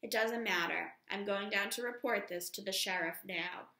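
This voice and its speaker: A proud, weary father, read by a woman speaks slowly and gravely with a gravelly, bright edge. The voice rings in an echoey room. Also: mid-range voice. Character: proud, weary middle-aged father, quiet.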